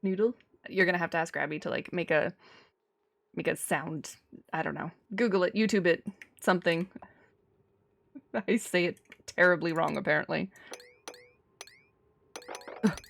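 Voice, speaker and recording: A woman's voice: fairly low pitch, normal speed, vocal fry, pauses often, a bit bright. A woman from Cyprus, streaming a game in casual chat, talkative, laughing often and replying to her chat. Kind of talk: casual chat while gaming.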